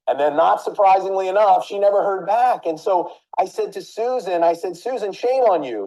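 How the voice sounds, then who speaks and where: A woman business coach runs a training session in a mellow, warm voice. She tells a story with energy and keeps turning to her listeners with direct questions. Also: lowish voice, a little fast, poor audio. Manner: animated, addresses listeners directly with rhetorical questions.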